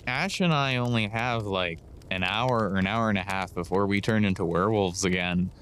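A man's voice: fairly low pitch, normal speed, a bit bright, a little hiss or hum. A man playing in a tabletop game, steadily steering the group back to the task at hand. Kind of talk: casual role-play chat.

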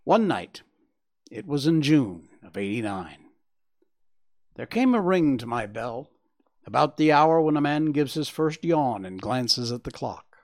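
A man narrating a classic detective story as an audiobook, measured and sombre, dropping low at the ends of phrases. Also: big pitch swings, a little mellow.

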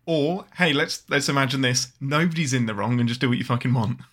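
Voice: mid-range voice, quick pace, a bit bright. Joking co-host in casual chat. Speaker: podcast co-host.

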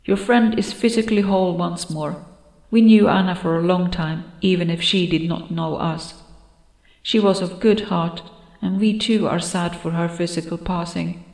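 A woman's voice: lowish voice, fairly even intonation, creaky, darkish tone, echoey room, in a large hall. A woman voicing a dry, solemn cosmic being. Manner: dry, formal and measured.

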